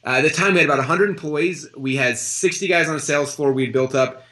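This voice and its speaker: Fast-talking man telling a story. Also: on the high side. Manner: animated, acts out quoted dialogue in his stories; frequent "like" and "I'm like" fillers. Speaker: interview guest, entrepreneur. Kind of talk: casual interview storytelling.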